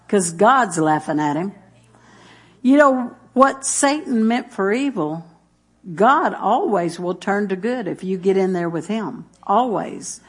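A woman's voice: mid-range voice, expressive, takes it slowly, breathy edge. A woman preaching in a church, chatty and folksy, telling homey stories and reading scripture between laughs. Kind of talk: sermon with jokes and scripture reading.

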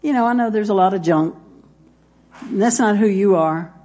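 A woman's voice: mid-range voice, normal speed, dark tone. Woman preaching with emphatic repetition. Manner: emphatic, repeats phrases, talks straight to listeners. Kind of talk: sermon.

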